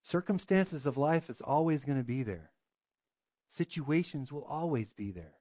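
A man's voice: fairly high pitch, expressive, moderate pace, darkish tone, no echo. Earnest preaching man, dry sound. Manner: earnest, preaching with rhetorical questions. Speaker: pastor. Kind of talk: sermon.

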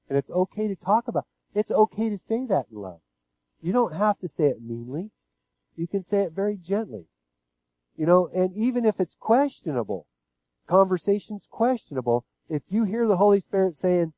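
A man's voice: high voice, lively intonation, moderate pace, darkish tone, no echo, rough recording. A pastor giving a sermon, speaking casually and asking his listeners one rhetorical question after another. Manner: conversational preaching with frequent rhetorical questions.

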